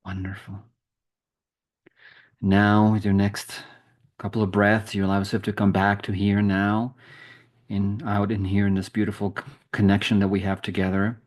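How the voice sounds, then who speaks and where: A man leading a group spiritual challenge, talking softly and slowly through a guided meditation over a video call. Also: on the low side. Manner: soft, slow, soothing with long pauses.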